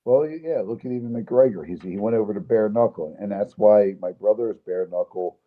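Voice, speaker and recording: A man's voice: fairly low pitch, a little fast. A man, a fight promoter, speaking as a guest in a casual interview, blunt and opinionated. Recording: tinny phone line.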